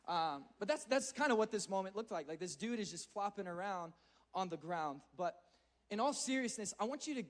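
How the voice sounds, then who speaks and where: A man's voice: sits high, expressive, fairly quick. A man giving an earnest, conversational sermon to a youth audience, often repeating words as he speeds up. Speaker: youth speaker.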